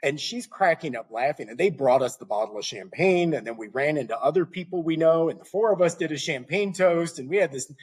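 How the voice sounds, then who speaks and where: Husky-voiced man telling a lively story. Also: a little high, fairly quick, few pauses. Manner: animated, acts out dialogue in anecdotes. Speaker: podcast guest, entrepreneur. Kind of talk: conversational storytelling.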